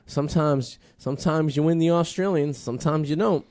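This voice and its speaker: A man's voice: fairly high pitch, a little fast, darkish tone. A man from the Boston area with a Boston accent, hosting a podcast in a crude, rambling casual chat full of swearing. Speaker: podcast host.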